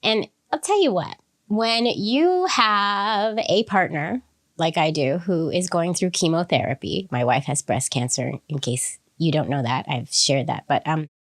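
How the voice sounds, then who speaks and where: A woman's voice: fairly low pitch, unhurried. Upbeat woman podcast host with a cold. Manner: upbeat, chatty, laughs often. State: has a cold. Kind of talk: casual podcast intro.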